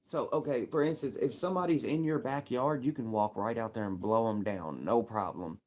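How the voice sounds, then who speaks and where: A man's voice: medium pitch, normal speed, a little mellow. Casting note: young Louisville, Kentucky man, casual livestream rambler, streetwise slang, repetitive.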